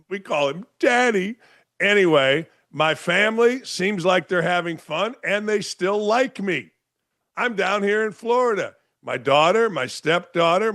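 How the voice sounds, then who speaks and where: A man's voice: sits high, pushed and bright, no echo, studio quality. A man hosting a sports talk show, delivering an opinionated, sarcastic monologue full of rhetorical questions. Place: home studio in Florida.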